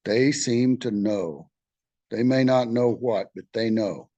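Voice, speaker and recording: A middle-aged Texan man leading a study group, reading aloud and sharing his own experience in a candid, halting way, with many fillers and restarts. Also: medium pitch, dark tone, no echo, muffled recording. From Texas.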